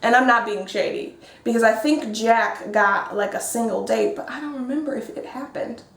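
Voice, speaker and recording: A woman recapping a reality dating show as co-host, sassy and playful with quick asides. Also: a little high, creaky, a bit bright. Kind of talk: casual reality TV recap chat. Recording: echoey room.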